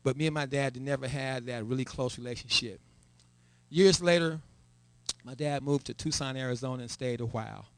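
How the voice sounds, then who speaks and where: A man's voice: mid-range voice, normal speed. A middle-aged man, a church elder, giving a testimony in a church, who repeats words and builds to a raised, emphatic voice. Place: church sanctuary. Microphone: live stream.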